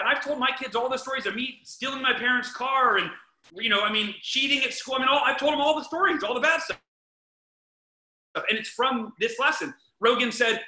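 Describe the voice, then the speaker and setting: A man hosting a podcast, giving casual parenting advice in an energetic, emphatic way, often repeating himself and restarting sentences. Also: very high voice, brisk. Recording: echoey room.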